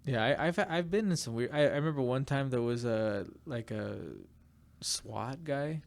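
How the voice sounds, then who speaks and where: A man casually telling a rambling, animated story on a podcast, full of fillers. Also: mid-range voice, normal speed. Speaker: podcast guest.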